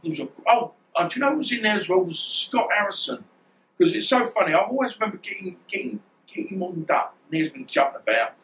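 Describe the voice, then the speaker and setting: A man's voice: sits high, animated, quick pace, fairly bright tone, slight background noise, rough recording. A middle-aged man, a former boxer, telling stories in a casual interview and often restarting his sentences. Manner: rambling, restarts often, swears.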